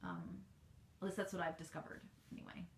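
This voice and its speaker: A woman's voice: on the low side, level tone, fairly quick, reverberant, a little hiss or hum. An American woman, an author, chatting casually and rambling through a live Q&A with her readers, full of ums and restarts. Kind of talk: casual livestream Q&A. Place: home office.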